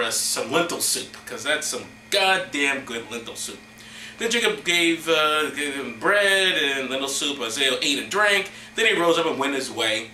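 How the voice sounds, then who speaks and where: A man hosting a comedy show, reading scripture in a hammy, mock-solemn way with deadpan asides. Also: fairly high pitch, moderate pace, echoey room, a little hiss or hum, low-quality recording. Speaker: host.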